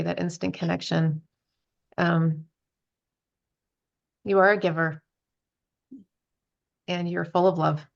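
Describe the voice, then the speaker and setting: A middle-aged woman pays tribute to an old friend on a video call, her words halting and her voice close to tears. Her voice has a gravelly edge. The call audio sounds dull and muffled. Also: lowish voice. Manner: warm, laughing, tearful, halting. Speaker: longtime friend giving a tribute.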